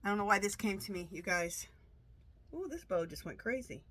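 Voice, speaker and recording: With lively intonation and a fairly quick, somewhat bright medium-pitched voice, a tarot reader chats away in a casual monologue to her viewers over slight background noise. She rambles and restarts a lot, congested from allergies.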